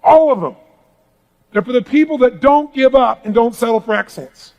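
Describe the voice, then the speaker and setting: A man's voice: very high-pitched, moderate pace, vocal fry, darkish tone, muffled recording. A man giving an emphatic motivational talk to a live audience in a large room, calling for responses from the crowd. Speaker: motivational speaker.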